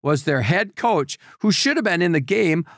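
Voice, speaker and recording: Gravelly older man telling long stories. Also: sits high, animated, moderate pace, a bit bright, dry recording, studio quality. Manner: rambling anecdotes with repeated restarts. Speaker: podcast guest. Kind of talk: casual storytelling.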